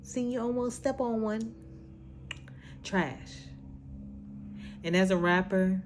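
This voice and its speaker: A woman's voice: mid-range voice, takes it slowly, pauses often, a little mellow. A woman hosting a podcast, scolding her subject in a blunt, exasperated rant. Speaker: podcast host. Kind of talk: casual reaction rant.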